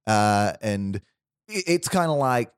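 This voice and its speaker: Low-voiced man rambling through a story. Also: lively intonation, clear, resonant tone, dry recording, studio quality. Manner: rambling, restarts, laughs often, quick asides. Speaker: podcast host pitching a film idea. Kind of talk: casual chat, storytelling.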